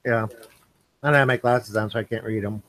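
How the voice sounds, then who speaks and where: A man's voice: fairly low pitch, steady tone, a little fast, a bit bright, low-quality recording. A man hosting a casual live stream, taste-testing candy and talking between mouthfuls. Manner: eats candy on camera, apologizes for chewing.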